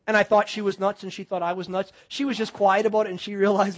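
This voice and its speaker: A man from Wisconsin, a pastor preaching a sermon, telling a story in an animated way and acting out the people in it. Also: high-pitched, fast talker, few pauses.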